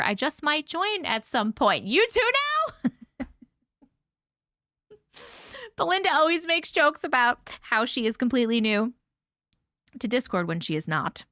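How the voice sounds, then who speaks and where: Woman host, chatty livestream story reader; bright, lively voice, dry close sound. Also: a little high, no room sound. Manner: chatty, laughs often, swears casually. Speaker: host reading viewer stories. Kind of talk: casual livestream chat and story reading.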